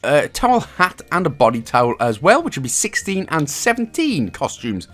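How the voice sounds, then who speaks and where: A man's voice: fairly high pitch, very animated, moderate pace, fairly bright tone. A man with a Welsh accent talking through a game walkthrough step by step, with jokey, chuckling asides between the instructions. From Wales. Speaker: gaming guide host.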